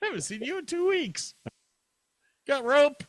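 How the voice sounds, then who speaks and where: A man squeaking as a shrill trapped creature. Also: big pitch swings, unhurried, a bit bright, no echo, full character voice. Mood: pleading. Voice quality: squeaky high cry. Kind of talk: comic bit on a podcast.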